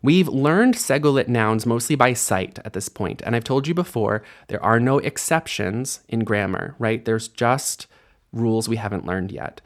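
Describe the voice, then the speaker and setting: A man teaching an online language lesson in a casual, friendly way, explaining grammar and repeating words aloud for practice. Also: mid-range voice. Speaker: Hebrew teacher.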